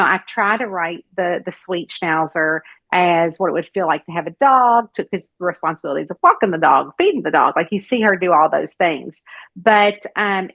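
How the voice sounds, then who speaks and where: A woman's voice: fairly low pitch, no echo. A woman with a Southern American accent, a guest author in a casual interview, telling stories and acting out the voices of people she quotes. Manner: lively storyteller who acts out quoted voices.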